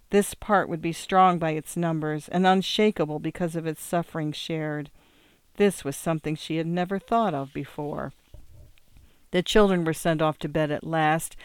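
An audiobook reader narrates a novel in an even, measured way. The voice is smooth and clean, recorded close and dry. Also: medium pitch, no echo.

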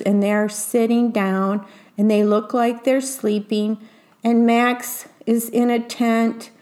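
Slow gentle woman reading a storybook. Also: on the high side. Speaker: reader. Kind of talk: reading a picture book aloud and describing the pictures.

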